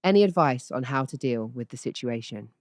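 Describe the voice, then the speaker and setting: A podcast host doing an exaggerated posh voice to read out a listener's letter. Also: female voice, rumbling low, lively intonation, a little fast, dry recording, clean studio sound. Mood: prim, earnest.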